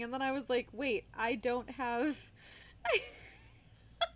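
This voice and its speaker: A woman's voice: high voice, very animated, unhurried, pauses often, fairly bright tone. A young woman streamer chatting casually with her viewers, giggly and a bit tired. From United States. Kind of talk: casual live-stream chat.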